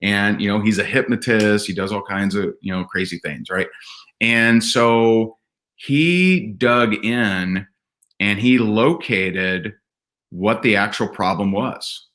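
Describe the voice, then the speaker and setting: A man telling personal stories as a podcast guest, earnest and animated, often restarting his sentences. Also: on the low side, slow pace. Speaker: podcast guest, event speaker. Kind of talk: candid conversational storytelling.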